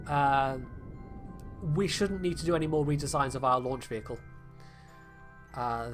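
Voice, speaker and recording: A British man casually talking through a game on a livestream, rambling with lots of fillers and wry, self-deprecating jokes. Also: mid-range voice. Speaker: game streamer. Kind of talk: casual livestream gameplay commentary.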